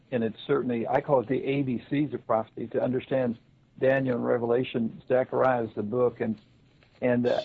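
Gravelly, husky man with halting speech. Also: medium pitch. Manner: halting, with many fillers and restarts. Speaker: guest commentator. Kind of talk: broadcast discussion. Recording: slightly dull, lo-fi sound.

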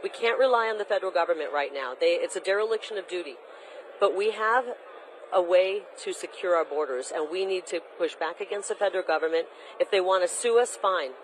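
Her voice is fairly low and a little fast, caught on a low-quality recording with slight hiss or hum. She's a gubernatorial candidate being interviewed, and her answers are emphatic, combative campaign talking points.

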